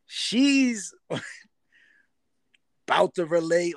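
A man's voice: fairly high pitch, animated, normal speed, a bit bright. A man co-hosting a podcast in casual chat, telling stories in slangy talk with acted-out quotes. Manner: laid-back slangy storytelling with acted quotes. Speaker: podcast co-host. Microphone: remote recording setup. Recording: dry remote recording.

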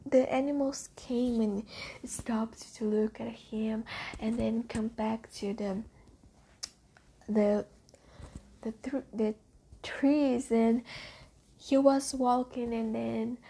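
A woman casually retelling a book's story, halting and searching for words, half whispering and swearing now and then. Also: a little high, fairly even intonation, creaky, dark tone, husky. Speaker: reader retelling a book.

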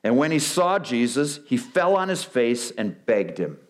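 A male pastor preaching a sermon, animated, acting out quoted excuses with big swings in his voice. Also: mid-range voice, measured pace. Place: church sanctuary.

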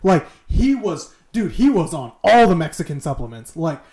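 A man's voice: fairly high pitch, very animated, moderate pace, a little mellow, echoey room. A man hosting a casual podcast from a dim room in his old house, joking crudely and swearing freely. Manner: profane, jokey, tells army stories. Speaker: podcast host.

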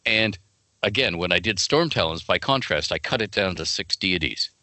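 A man being interviewed as a fantasy game writer, telling stories in an animated way and laughing often. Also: deep voice, normal speed, dry recording. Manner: animated, laughing often, jumps into quoted voices. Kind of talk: casual interview chat with storytelling.

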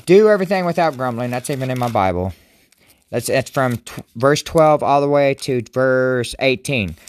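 A man's voice: medium pitch, no room sound. A man casually reading Bible verses and commenting, rambling and joking, often stumbling over words. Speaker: devotional vlogger.

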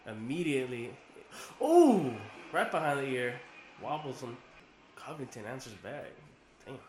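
A man of middling pitch calls the fight in short clipped bursts and cheers the fighters on by name. His voice carries a noticeable room echo. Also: normal speed, fairly bright tone. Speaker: fight watch-along co-commentator. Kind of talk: casual live fight commentary.

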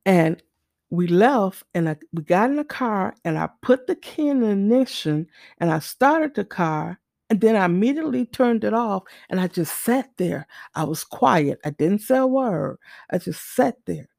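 A middle-aged woman telling a personal testimony story, animated, acting out the dialogue as she goes. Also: mid-range voice, moderate pace, gravelly, no room sound, studio quality.

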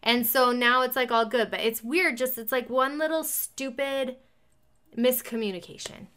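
A woman in casual chat, telling a personal story in an animated way and acting out both sides of a conversation. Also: a little high, moderate pace, clear, resonant tone.

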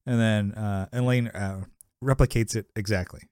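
A man's voice: fairly low pitch, steady tone, moderate pace, darkish tone, clear, resonant tone, dry recording, studio quality. A man co-hosting a podcast, chatting casually and rambling through a TV episode recap, with lots of "you know" fillers and frequent laughs. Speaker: podcast co-host.

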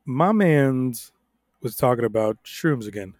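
A young adult man tells rambling stories on a casual podcast. He swears freely, laughs often and gets loud and animated. His middle-pitched voice is recorded close up on a dry mic. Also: unhurried, no echo. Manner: profane, animated storytelling with laughs. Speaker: podcast co-host.

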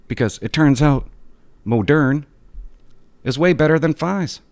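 Man, vlogger, casual rant, exasperated, animated, dry close sound. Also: on the high side, unhurried, pauses often, no room sound. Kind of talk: casual ranting monologue.

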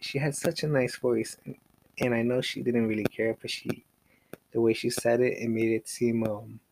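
Gravelly rambling podcast guy. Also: medium pitch, level tone, normal speed, a little mellow, a little hiss or hum. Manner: rambling, frequent fillers and restarts, casual swearing. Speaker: podcast host. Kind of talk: casual solo podcast monologue.

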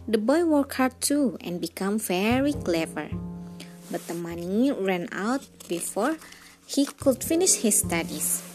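A woman reads a fairy tale aloud, gentle and even. Her pace is very slow and unhurried, with soft instrumental music faintly underneath. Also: mid-range voice. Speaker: storyteller. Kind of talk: storybook reading.

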